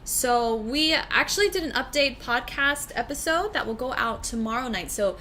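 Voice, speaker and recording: A woman's voice: sits high, animated, moderate pace, pushed and bright, a little hiss or hum. A woman co-hosting a casual livestream from a room at home, reading out viewer comments and chatting about them. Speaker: livestream co-host.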